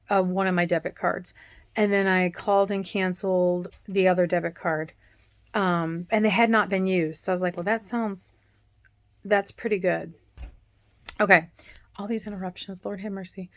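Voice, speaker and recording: A middle-aged woman, rambling through a casual story and acting out the other people in it. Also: medium pitch. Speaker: cooking channel host.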